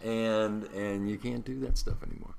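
A man's voice: on the low side, moderate pace, gravelly, background noise. A man in his sixties, a longtime radio host, telling stories in an interview with lots of laughter. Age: 60s. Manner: animated storyteller, laughs through stories. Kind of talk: storytelling interview.

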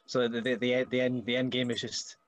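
A man's voice: medium pitch, fairly quick. A man with a Scottish accent, a wrestler guest in a casual chat, telling stories and putting on voices. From Scotland. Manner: animated storyteller, puts on voices.

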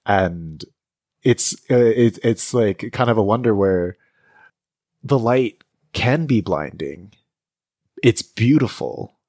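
A man's voice: lowish voice, expressive, slow pace, pauses often, darkish tone, no echo, clean studio sound. A man improvising a story in casual chat, laughing often and loosely filling his talk with "like". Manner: giggly, loose, drops lots of "like"s.

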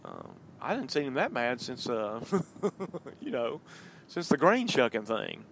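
A man's voice: medium pitch, very animated, moderate pace, vocal fry, fairly bright tone, a little hiss or hum. A man hosting a podcast, chatting loosely in a rambling way, full of ums and uhs, while driving his car. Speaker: podcast host. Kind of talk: casual rambling monologue.

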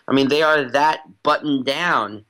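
A man's voice: on the high side, a little slow, sharp tone, rough recording. A man speaking as a guest commentator in an interview, making his case emphatically and repeating phrases for stress. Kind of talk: analytical interview talk.

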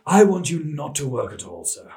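A man's voice: a little high, very animated, dark tone, echoey room. A man playing a pompous big boss. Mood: scheming. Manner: pompous, slow and self-important. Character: pompous male boss, self-important middle manager. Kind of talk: comic phone-call role-play.

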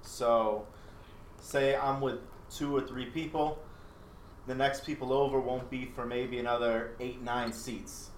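A male guest on a podcast answering questions in a calm, steady way. He sits well back from the mic in a roomy, echoing space. A faint noise lies under his voice. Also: mid-range voice, measured pace, distant mic. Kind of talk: casual interview answers.

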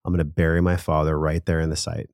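A man's voice: very deep voice, little pitch movement, fast, gravelly, darkish tone, dry recording, studio quality. A man as a podcast guest, telling a personal story in an earnest, emotional, casual way with some swearing.

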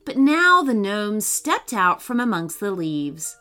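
Female storyteller, slow and animated, reading a children's book aloud. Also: medium pitch, faint music behind. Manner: reads slowly, puts on voices for characters.

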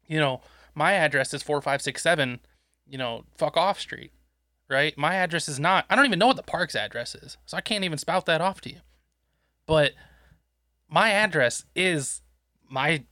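A man's voice: on the high side, sharp tone, dry recording, clean studio sound. A man co-hosting a podcast, blunt and profane, chiming in during casual chat. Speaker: podcast co-host.

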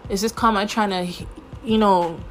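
A woman hosts her podcast alone, telling a personal story in a loose, candid way. Her talk is full of fillers and casual swearing. Faint music sits low behind her voice. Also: steady tone, normal speed, fairly bright tone. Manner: candid and chatty, swears freely, many fillers. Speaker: podcast host.

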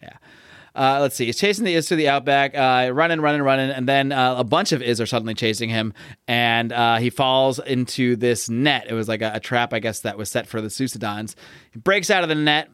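A man's voice: medium pitch, a little fast, fairly bright tone, clear, resonant tone, no room sound, clean studio sound. A young man casually recapping a comic with his co-host, rambling with many fillers and restarts as he reads out lines. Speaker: podcast co-host discussing comics.

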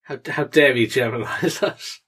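A man's voice: mid-range voice, moderate pace, slightly rough. A young man co-hosting a casual podcast chat, joking and laughing often as he talks. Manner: jokey, laughs often, lively delivery. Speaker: podcast co-host.

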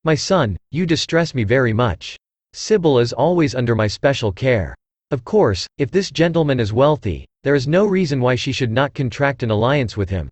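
A man's voice: medium pitch, sing-song, moderate pace, darkish tone, no room sound. A synthetic male voice reading a placid, vain old-stage mother. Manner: genteel, complacent speech. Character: fond, placid, vain middle-aged mother, former actress.

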